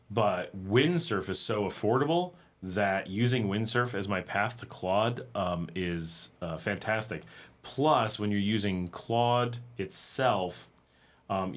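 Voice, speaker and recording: A man hosting a casual livestream, talking in a conversational, animated way and acting out exasperated quotes. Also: lowish voice. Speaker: livestream host. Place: home in Nicaragua.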